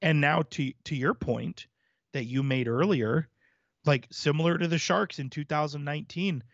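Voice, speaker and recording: A man's voice: on the high side, normal speed, vocal fry, fairly bright tone, no room sound, muffled recording. Analytical man on a hockey podcast. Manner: analytical, talks through points at length. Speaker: podcast co-host. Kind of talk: casual sports chat.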